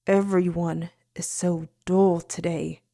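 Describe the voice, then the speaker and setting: A woman reading an audiobook, voicing a cruel young faerie prince in a hushed, slow, sneering way. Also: fairly low pitch, level tone, gravelly. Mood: scornful.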